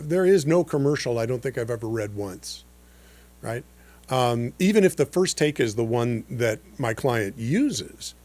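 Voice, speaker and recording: A man's voice: mid-range voice, darkish tone. A man in his sixties, a voice-over coach hosting a podcast lesson, explaining things in an easygoing, chatty way with frequent "uh" and "you know.".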